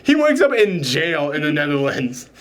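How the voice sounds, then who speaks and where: A man casually recapping a film scene by scene, rambling with enthusiasm and acting out bits in quick voices. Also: fairly high pitch, very animated, a bit bright. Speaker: podcast host. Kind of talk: casual movie reaction chat.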